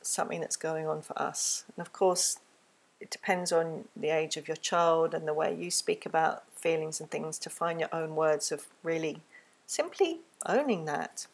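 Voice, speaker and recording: A woman giving a gentle, earnest solo talk on parenting, recorded close to the microphone and slipping into a soft, soothing tone when she models what to say to a child. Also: sits low, moderate pace, vocal fry, breathy edge. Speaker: parenting teacher. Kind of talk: reflective spoken talk.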